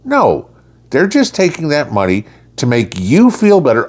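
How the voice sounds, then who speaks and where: A man's voice: mid-range voice, wildly swooping pitch, unhurried. A middle-aged man with a blunt, lecturing and sarcastic way of talking, delivering a casual opinion monologue as a channel host.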